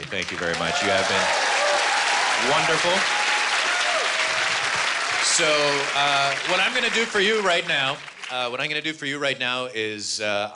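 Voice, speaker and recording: Male stand-up comedian, animated storyteller, handheld mic, live comedy club, loud audience laughter, noisy room. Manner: animated, jumps into loud high-pitched character voices. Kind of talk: stand-up storytelling with acted voices.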